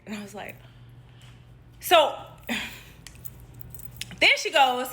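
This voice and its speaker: A young adult woman who works as a nurse casually shares a personal story with her followers in a high-pitched voice, drawing out words and pausing often. She's animated, acting out what people said and laughing as she tells it.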